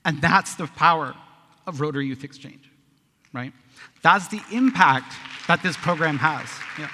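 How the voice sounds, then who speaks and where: A man's voice: fairly high pitch, a little slow, bright, forceful tone. A man in his thirties giving a speech at a conference, talking in a conversational way and often tagging on a question. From Canada. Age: 30s. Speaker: conference speaker. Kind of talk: speech to a live audience. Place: large conference hall. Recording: echoey hall.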